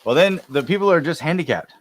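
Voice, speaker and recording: A man's voice: on the high side, animated, fast. A man co-hosting a podcast, chatting casually with rambling, profane jokes. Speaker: podcast co-host. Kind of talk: casual comedic chat.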